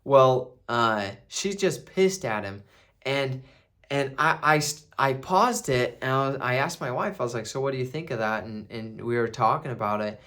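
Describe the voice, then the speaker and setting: A man's voice: medium pitch, expressive, measured pace, sharp tone. A man casually recapping a film, rambling with restarts and fillers. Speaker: movie reviewer.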